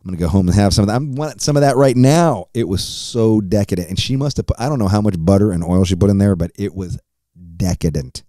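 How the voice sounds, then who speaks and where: A man in his forties hosts his own solo podcast, rambling casually, cursing, and laughing often. His lowish, dark voice is expressive and fast with few pauses, in a dry studio-quality recording.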